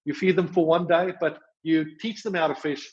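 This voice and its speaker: A man with a South African accent, explaining his charity's rescue work in a podcast interview, talking fast with many fillers and restarts. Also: a little high, steady tone, darkish tone, highs cut off. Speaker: charity worker.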